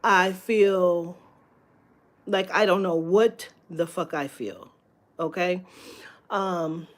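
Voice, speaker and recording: Woman, home live-stream host, slow, rambling and candid, salty language. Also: lowish voice. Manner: rambling, candid, swears freely, many fillers. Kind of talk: casual live-stream chat.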